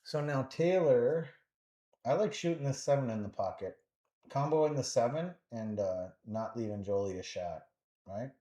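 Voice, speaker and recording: A man's voice: medium pitch, lively intonation, normal speed, mellow. Rambling man calling a pool match. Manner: rambling and jokey, thinking aloud. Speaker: pool commentator. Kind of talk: casual live game commentary.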